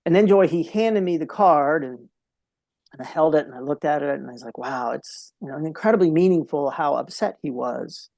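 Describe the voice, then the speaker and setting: A man's voice: fairly high pitch, brisk, gravelly, darkish tone, no room sound. A man speaking as a podcast guest, telling a heartfelt story in an earnest way and repeating key phrases for emphasis.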